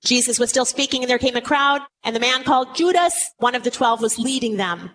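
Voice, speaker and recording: An earnest woman reads a Bible passage and comments on it, voicing the quoted lines with drama. Her voice sits a little high. A faint hiss runs under her talk. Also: fairly even intonation, a little fast, hardly any pauses, a bit bright. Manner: earnest and emphatic. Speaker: Bible teacher. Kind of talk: scripture reading and commentary.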